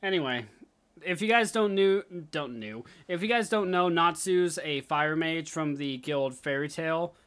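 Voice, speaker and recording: A man's voice: fairly high pitch, a little slow, a bit bright, clear, resonant tone. A young man co-hosting a casual podcast chat, easygoing and jokey, laughing often. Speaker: podcast co-host.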